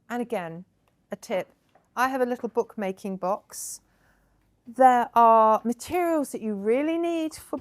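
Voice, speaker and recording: A woman hosting a hands-on crafting workshop, chatty and encouraging, praising her guests often as she explains each step. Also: fairly high pitch. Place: indoor crafting table.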